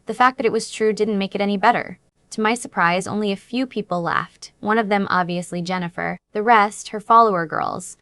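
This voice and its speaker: A woman's voice: medium pitch, brisk, fairly bright tone, no room sound. Woman narrating a romance story. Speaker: audiobook narrator. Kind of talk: first-person romance narration.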